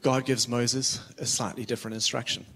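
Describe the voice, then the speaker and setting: A man's voice: mid-range voice, little pitch movement, a little fast, fairly bright tone, husky. A man preaching a sermon with urgency, earnest and a little self-deprecating, often restarting his words. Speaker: visiting preacher.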